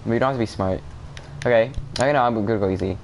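A man playing a game with friends, teasing and bossing others around with quick laughs. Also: lowish voice, gravelly, slight background noise. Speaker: player on a group game stream. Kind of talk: casual gaming chat.

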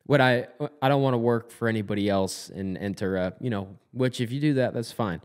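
A man's voice: medium pitch, brisk. A man co-hosting a podcast, a former player and coach, talking in a blunt, fired-up way and swearing freely. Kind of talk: casual podcast chat.

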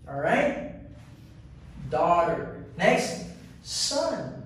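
A male English teacher with a fairly high voice, talking very slowly as he drills pronunciation and says each word three times. He is recorded from some distance, so the voice rings out in a strongly echoing room. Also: big pitch swings. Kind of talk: slow pronunciation drill lesson.

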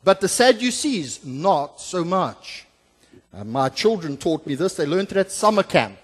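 A pastor with a high voice preaches through a scripture passage, often pausing on "uh" and restarting his sentences. He moves between emphatic, louder passages and quiet, low asides. The sound carries a long church reverb. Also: very animated, slightly rough. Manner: expository preaching with frequent filler "uh" and restarts; swings from emphatic to soft and low. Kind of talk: sermon. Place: church sanctuary.

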